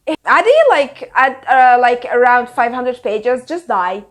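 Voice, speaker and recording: High-voiced young woman ranting sarcastically. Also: expressive, normal speed. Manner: exasperated, profane, sarcastic ranting. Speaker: book reviewer. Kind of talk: casual book review rant.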